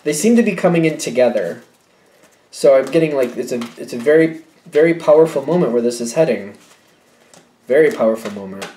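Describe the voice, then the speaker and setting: A man's voice: mid-range voice, expressive, fairly quick, mellow, slight background noise. A man giving a casual tarot reading, musing aloud and often correcting himself with short hesitations. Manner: musing, hesitant, self-correcting, with light laughs. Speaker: tarot reader. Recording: echoey room.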